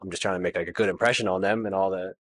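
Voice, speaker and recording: A man's voice: low-pitched, fairly even intonation, very fast, fairly bright tone. A man, a landlord guest, telling his story casually with lots of fillers and nervous laughs.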